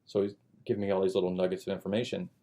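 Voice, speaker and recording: A man's voice: sits low, flat delivery, very fast, mellow. A man hosting a podcast, chatting casually and telling a rambling story with acted-out bits of dialogue. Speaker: podcast host. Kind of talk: casual chat.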